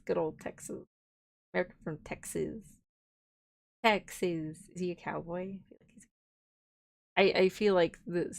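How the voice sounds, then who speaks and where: Woman streamer, reads a novel aloud with playful giggly asides; gravelly voice, mid pitch. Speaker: vtuber streamer.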